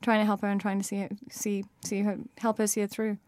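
A woman's voice: mid-range voice, monotone, quick pace, darkish tone, no echo, clean studio sound. A woman author with a South African accent, talking thoughtfully in an interview with frequent fillers and restarts.

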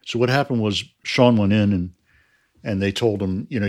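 A man who helped make a crime series, answering interview questions in a measured, explanatory way that often trails off quietly. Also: fairly low pitch.

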